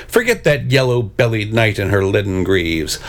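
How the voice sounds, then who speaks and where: A man's voice: fairly low pitch, lively intonation, normal speed. A man voicing a pompous, boastful male bird knight in a storybook reading, speaking in grand, declamatory phrases.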